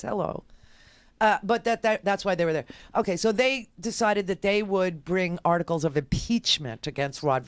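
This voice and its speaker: A woman's voice: low voice, no room sound. A woman talk radio host giving a sarcastic, ranting political monologue.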